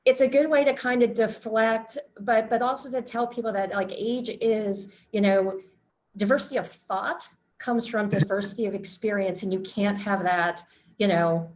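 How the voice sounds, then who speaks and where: A woman's voice: mid-range voice, fairly even intonation, moderate pace, poor audio. A woman in financial services talking things through on a video call, with frequent fillers as she thinks aloud. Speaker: meeting participant in financial services. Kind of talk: casual video-call discussion.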